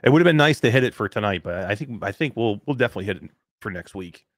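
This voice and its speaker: Animated man hosting a live stream. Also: fairly low pitch, racing, dry recording, clean studio sound. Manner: animated, joking, reads chat names aloud. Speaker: podcast co-host. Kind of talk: casual live-stream chat.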